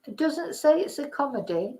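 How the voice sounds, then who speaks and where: A woman's voice: high voice, sing-song, normal speed, a little mellow, rough recording. A woman hosting a casual live-stream quiz, chatting, laughing and thinking aloud as she reads the questions. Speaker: host.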